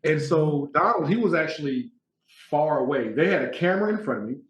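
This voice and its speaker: A man's voice: on the high side, brisk, reverberant. A man being interviewed as a guest actor, telling stories casually and acting out quotes. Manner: animated storyteller, acts out quotes, laughs often.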